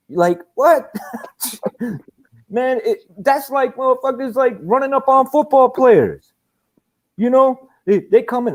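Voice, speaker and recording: A man hosting a casual boxing talk show, animated and profane, laughing often as he rants. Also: very high-pitched, measured pace. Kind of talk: casual chat.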